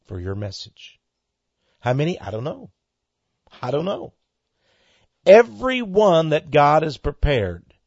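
A man's voice: medium pitch, darkish tone, husky, no room sound, lo-fi sound. A man hosting his own radio ministry program, reading a listener's letter aloud and then preaching in a folksy, earnest way that swells into fervent exclamations.

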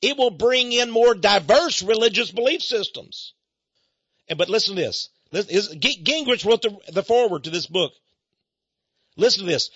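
A man's voice: very high-pitched, lively intonation, normal speed, pushed and bright, no echo, highs cut off. A man hosting a talk radio show, reading passages aloud in a dramatic way and commenting with mock alarm. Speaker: radio host. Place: studio office.

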